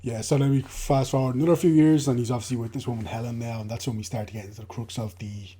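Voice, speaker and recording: A man's voice: medium pitch, steady tone, quick pace, mellow, slight background noise. A man co-hosting a film podcast, chatting in a laid-back way, laughing a lot and trailing off mid-sentence. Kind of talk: casual film review chat.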